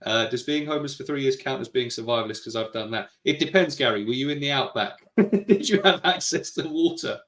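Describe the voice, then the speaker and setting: A man's voice: mid-range voice, a little fast, fairly bright tone, reverberant. A man with a British accent co-hosting a podcast, reading out chat messages and teasing his co-host. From Britain. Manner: teasing, argumentative, laughs often. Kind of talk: casual chat reading live chat.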